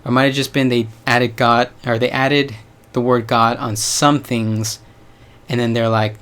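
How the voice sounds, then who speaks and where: A man's voice: mid-range voice, flat delivery, a little slow, fairly bright tone, smooth. Rambling casual young man vlogging. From United States. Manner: rambling, hedging, casual slang. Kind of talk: casual vlog monologue.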